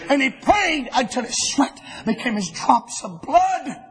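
A man preaching a sermon to his church, telling the story with fervor and often building to impassioned shouting. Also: very high-pitched, big pitch swings, measured pace, rough recording.

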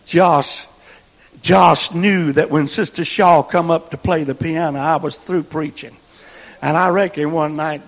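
A preacher man with a high, gravelly, husky voice tells his sermon slowly and folksily. He drops to near-whispers, then climbs to shouts. The sound is a lo-fi recording with a long, echoey church reverb. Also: steady tone. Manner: folksy storytelling, swinging from hushed whispers to shouts.

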